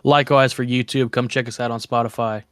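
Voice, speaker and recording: A man's voice: medium pitch, steady tone, fast talker, clean tone, no room sound. A man co-hosting a video game podcast, talking in an easygoing, laid-back way. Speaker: podcast co-host. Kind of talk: casual chat.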